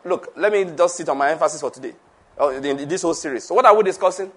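A man's voice: on the high side, rapid-fire, a bit bright. A man preaching a conversational sermon, laughing often, repeating himself and asking the audience questions.

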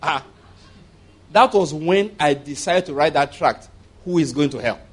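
A man's voice: fairly high pitch, expressive, a little slow, breathy edge. A man preaching a conversational sermon as pastor, rambling through asides and chuckling often.

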